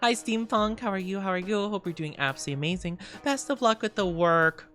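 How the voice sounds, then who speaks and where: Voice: medium pitch, a little fast, fairly bright tone, faint music behind. A VTuber streamer in a casual, playful livestream chat, greeting viewers and rambling with giggles and fillers.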